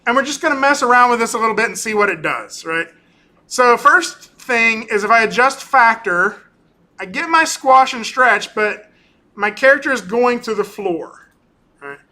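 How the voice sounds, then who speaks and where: A male animation instructor lecturing casually through a software demo, often ending points with "right?" and pausing on "um". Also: very high voice, lively intonation. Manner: casual, talkative, keeps tagging on "right?"; frequent ums and restarts. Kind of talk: recorded class lecture with screen demo.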